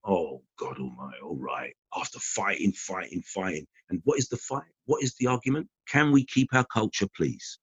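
On a dull, lo-fi podcast recording with no echo, a male guest chats casually and tells stories, animatedly acting out the quotes. His husky voice sits low, at normal speed with few pauses.

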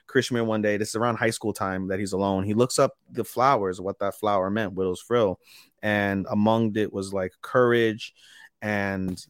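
Male podcast co-host, low voice, dry close sound, casual animated recap. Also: normal speed, no echo. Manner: animated retelling, acting out character lines. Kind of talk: casual anime podcast chat.

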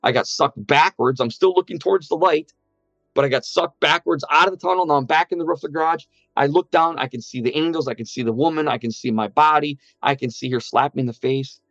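In a fairly high, quick voice, a man gives heartfelt testimony about nearly dying, imitating the voices of those around him. It's a dry recording, muffled, with gentle music underneath.

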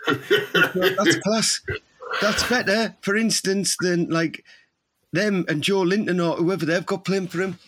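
A man's voice: high-pitched, takes it slowly, fairly bright tone, breathy edge. A man, rambling and laughing through crude comic banter as a podcast co-host.

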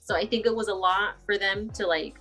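A woman's voice: medium pitch, brisk, bright, forceful tone, soft background music. A woman talking casually as an interview guest, chatty and laughing often. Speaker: guest poet.

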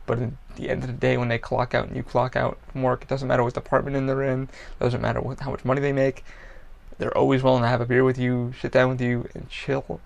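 A man talks openly on his own podcast, blunt and profane, drifting from story to story. His voice has a rough, gravelly edge and sits at an ordinary middle pitch. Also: completely flat delivery, fast talker. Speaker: podcast host. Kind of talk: candid personal talk.

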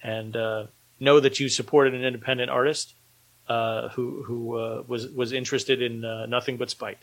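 A man's voice: mid-range voice, level tone, moderate pace, low-quality recording. A man speaking as an independent filmmaker guest in a casual podcast conversation, rambling with many fillers and a dry, sarcastic humor.

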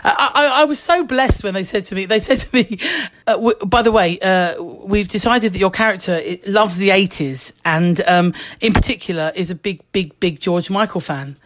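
A middle-aged woman telling a lively anecdote as a guest, laughing often and acting out the voices she quotes. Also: mid-range voice, moderate pace. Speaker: actress, guest. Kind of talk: anecdotal chat, storytelling.

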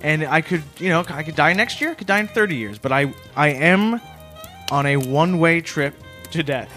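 A man co-hosting a comedy podcast, telling an absurd story in a deadpan, matter-of-fact way. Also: on the high side, moderate pace, soft background music. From Canada. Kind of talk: deadpan improvised comedy chat.

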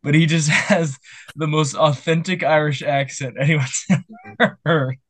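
A man's voice: on the high side, fairly even intonation, unhurried, no echo. A young man co-hosting a podcast in casual chat, reading out news stories in a jokey way. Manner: jokey, laughs while talking.

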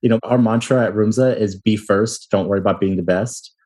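A man's voice: on the low side, fairly even intonation, brisk, warm tone. A man in his thirties, a hotel company founder, telling self-deprecating stories in a casual interview and laughing often.

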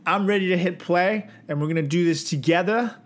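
A man's voice: high-pitched, fairly quick. A man co-hosting a podcast who is not a native English speaker, joking in rambling, self-mocking casual banter. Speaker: podcast co-host.

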